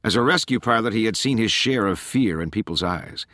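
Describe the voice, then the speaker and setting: A man reads a thriller with measured, steady narration. His voice is on the low side but bright and forward, recorded dry and close on a studio mic. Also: dry recording. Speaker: audiobook narrator. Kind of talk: scripted narration.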